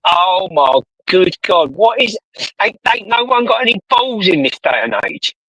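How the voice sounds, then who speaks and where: A man's voice: high voice, very animated, a little slow, pushed and bright, slightly rough, no echo, low-quality recording. A British man chatting casually, rambling and swearing a lot. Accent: British English. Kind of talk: casual chat.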